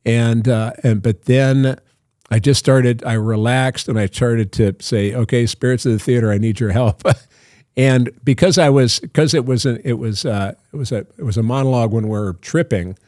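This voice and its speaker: An older man, a guest actor, tells long anecdotes in a casual storytelling interview, in a loose style that keeps interrupting itself. His mid-range voice is a little mellow and moves at a moderate pace. The recording is dry with clean studio sound.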